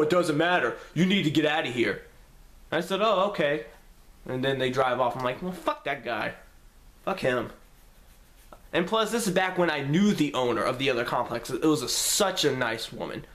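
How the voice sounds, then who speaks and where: A young man vlogging a story to camera in a casual, profane, animated way, acting out what each person said. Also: fairly quick. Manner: animated, profane, acts out quotes with pitch jumps.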